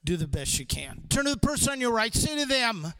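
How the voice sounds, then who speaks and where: A man speaking as a guest youth speaker to students, animated and coaxing, calling out prompts for the audience to repeat. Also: very high voice, fairly quick. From from the Chicago area. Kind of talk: energetic chapel talk to students.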